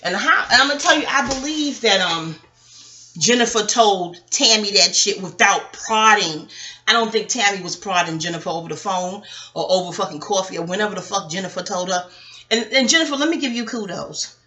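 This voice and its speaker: At home, a woman vlogger reviews reality TV in a rambling, casual monologue, ranting animatedly with heavy profanity and frequent laughs. Her voice is mid-range and fairly quick.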